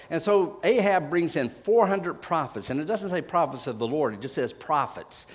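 A man preaching a sermon, retelling scripture stories in a casual, conversational way, pausing with fillers and correcting himself as he finds verses. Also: on the high side, lively intonation, long reverb tail. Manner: frequent fillers and self-corrections while finding verses.

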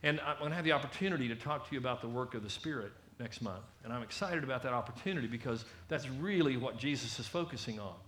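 A man preaching a sermon in a conversational, animated way, often acting out the people he quotes. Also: mid-range voice, fast talker, hardly any pauses, reverberant, slight background noise.

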